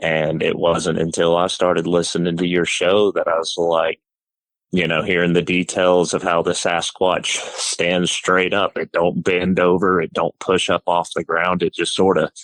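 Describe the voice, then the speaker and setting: A middle-aged man calling in to tell a personal story, halting and full of "you know" and "uh". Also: deep voice, completely flat delivery, a bit bright, no room sound, poor audio. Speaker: caller.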